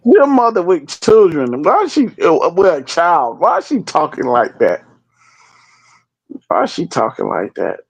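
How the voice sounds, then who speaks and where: A man's voice: on the high side, huge pitch swings, unhurried, gravelly, dry recording. A man chatting as a guest on a livestream, teasing and repeating his lines. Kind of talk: casual livestream chat.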